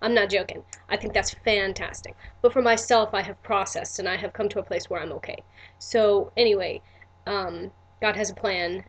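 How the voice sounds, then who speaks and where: A woman's voice: mid-range voice, steady tone, moderate pace. A woman, telling a personal story in a candid, earnest vlog with many restarts and asides. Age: 40s. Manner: earnest and emotional. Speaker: vlogger.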